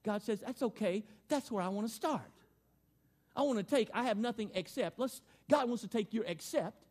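A man's voice: high-pitched, animated, normal speed, darkish tone. A middle-aged man, preaching a sermon in a folksy, conversational way and acting out the quotes. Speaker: pastor.

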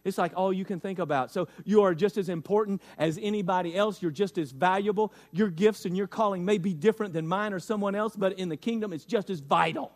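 A man's voice: high voice, a little fast, few pauses. A man pastor preaching a folksy sermon, repeating phrases for emphasis and speaking straight to his congregation.

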